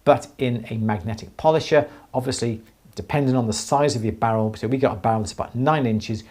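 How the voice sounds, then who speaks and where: Hosting a live Q&A stream on jewellery, this teacher speaks briskly at a medium pitch in a slightly mellow voice. He's enthusiastic about the techniques he explains, frequently restarting as he goes.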